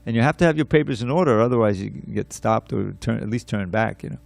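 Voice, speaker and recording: A man giving a scripture class, telling a story in an animated way, repeating words and restarting his sentences. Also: lowish voice, fast talker, creaky, no room sound.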